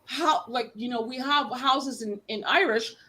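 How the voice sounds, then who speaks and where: A woman from the United States chats casually, winding through a long story full of restarts. She puts on little voices for everyone she quotes, and her voice sits a bit higher than most. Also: measured pace, pushed and bright. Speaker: guest panelist. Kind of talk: casual chat.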